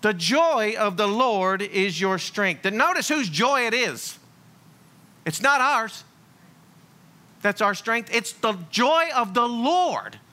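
A man preaching with a high, bright voice that jumps all over the place. His delivery is blunt and playful, full of jokes and sudden emphasis. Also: slow pace. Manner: lively, joking, blunt preaching with sung snippets. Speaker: pastor. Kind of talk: sermon.

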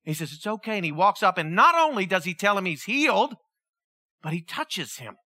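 Animated, bright-voiced preacher. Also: medium pitch, moderate pace, dry recording, clean studio sound. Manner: storytelling, acts out the people in the story; asks the listeners many questions. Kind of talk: sermon.

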